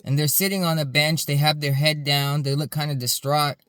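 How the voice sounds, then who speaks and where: A man's voice: fairly high pitch, fairly even intonation, fairly quick, a bit bright, no room sound, clean studio sound. A man, a security supervisor, earnestly telling a story in a casual, rambling way, full of fillers.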